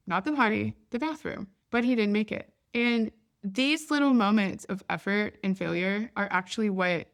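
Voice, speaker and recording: Woman, 30s, podcast host: casual, candid storyteller at a mid pitch. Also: creaky. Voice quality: chatty, candid, down-to-earth. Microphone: podcast microphone.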